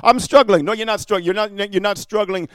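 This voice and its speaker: A man preaching a fiery evangelistic sermon, emphatic and full of "amen" and "huh?", swinging from quiet asides to loud declarations. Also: high-pitched, little pitch movement, fast talker, clean tone, no echo.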